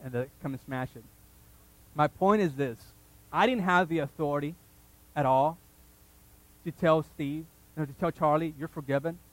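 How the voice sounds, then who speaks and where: A man preaching a sermon to his congregation, telling the story in an animated, joking way with many restarts. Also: fairly high pitch, poor audio. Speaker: pastor. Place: church service before a congregation.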